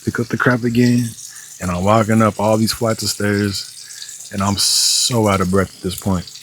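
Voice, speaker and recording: A man's voice: on the low side, fairly even intonation, normal speed, a bit bright, a little hiss or hum, rough recording. A young man telling a story in a casual cooking vlog, swearing often and sounding exasperated, with lots of filler words. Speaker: vlogger. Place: home kitchen.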